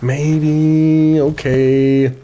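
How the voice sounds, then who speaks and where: Middle-aged male streamer, unhurried, chatty, laughs easily, casual gameplay talk. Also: a little high, flat delivery, warm tone. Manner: chatty, laughs often, self-correcting.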